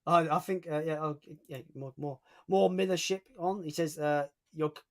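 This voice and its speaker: A man's voice: on the high side, steady tone, normal speed. A young man hosting a livestream in casual chat, reading out viewer comments as he talks. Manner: chatty, reads out viewer comments. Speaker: livestream host.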